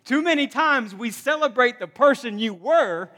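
High bright-voiced preacher man. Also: moderate pace, big-room sound. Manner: energetic, conversational preaching with asides and humor. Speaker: pastor. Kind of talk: sermon. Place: church sanctuary.

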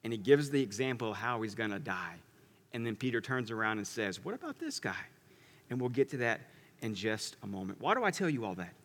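Bright-voiced preacher in a reverberant hall. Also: male voice, fairly low pitch, fast talker. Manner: animated storytelling, swinging from loud to hushed. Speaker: pastor. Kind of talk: sermon.

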